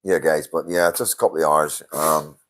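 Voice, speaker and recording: Older streamer with a very low voice, tired and sweary, chatting loosely to his viewers. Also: fairly even intonation, normal speed, fairly bright tone, slight background noise. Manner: swears a lot, tired and yawning. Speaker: livestream host. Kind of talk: casual live-stream chat reading comments.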